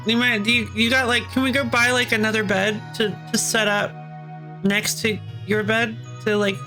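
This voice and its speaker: Brief: careless, obnoxious roommate, played by a woman, casual rambling delivery, slightly high. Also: level tone, moderate pace, sharp tone, faint music behind. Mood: pushy. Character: obnoxious fused roommate pair, pushy and careless.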